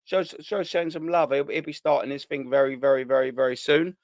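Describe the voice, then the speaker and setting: Male stream host, mid pitch, dry close sound, blunt and slangy, swears freely. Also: steady tone, a little fast, no echo. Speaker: host of a live fan show. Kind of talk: casual live-stream chat reading comments.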